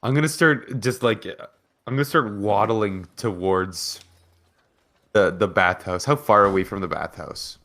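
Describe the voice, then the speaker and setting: A man playing a tabletop game, joking in animated banter. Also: unhurried. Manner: animated, joking, with swoops in pitch. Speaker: player.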